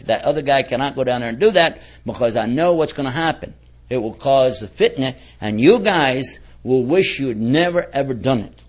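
A man giving a conversational religious lecture, a folksy preacher who keeps quizzing his audience. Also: mid-range voice. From United States. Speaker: Islamic preacher. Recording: dull lo-fi recording.

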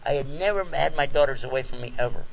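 A man speaking at a talk, telling a personal story in an animated way and acting out the scenes. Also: mid-range voice, quick pace, vocal fry. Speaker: lecturer answering questions. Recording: dull lo-fi recording.

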